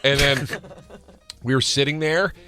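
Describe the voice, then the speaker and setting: A man's voice: medium pitch, fairly even intonation, takes it slowly, bright, forceful tone, soft background music. A man hosting a podcast, telling a profane anecdote in casual chat and laughing as he goes.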